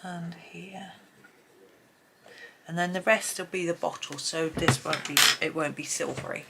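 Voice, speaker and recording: Low, gravelly woman talking softly. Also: fairly even intonation, measured pace, a little hiss or hum. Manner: chatty, thinks aloud, often drops to a soft near-whisper. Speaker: colouring tutorial host. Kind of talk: relaxed colouring tutorial narration.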